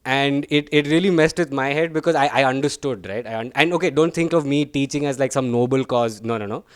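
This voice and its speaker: A man's voice: mid-range voice, a little fast, clean tone, no room sound, clean studio sound. A young man doing a chatty, self-deprecating stand-up set, tagging his lines with "right?" and "guys.". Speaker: stand-up comedian.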